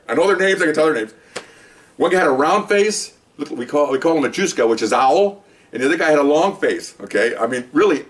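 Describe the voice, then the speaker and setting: A man's voice: a little high, recorded from a distance. A man, a former police officer, casually telling a long rambling story and acting out the voices of the people in it. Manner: rambling, animated storytelling with acted-out quotes and laughter.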